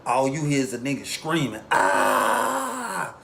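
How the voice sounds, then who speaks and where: A man casually telling a long story in a relaxed street way, acting out the voices of the people in it. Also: mid-range voice, moderate pace, a little hiss or hum. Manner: laid-back street storytelling, acts out quotes.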